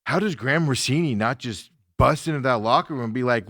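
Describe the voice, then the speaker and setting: A man hosting a sports talk show, ranting casually, laughing often and mocking people with quick impressions. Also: mid-range voice, expressive, a bit bright, no echo, studio quality.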